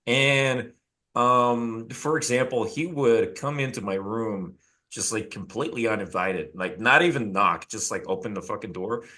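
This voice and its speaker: A man's voice: mid-range voice, pushed and bright. A man on a video call, a dating coach telling a rambling story in casual chat, swearing freely.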